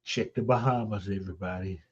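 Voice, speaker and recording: A man's voice: low-pitched, brisk, muffled recording, a little hiss or hum. A man co-hosting a radio show, laid-back and wry, laughing easily in casual on-air chat. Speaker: radio co-host.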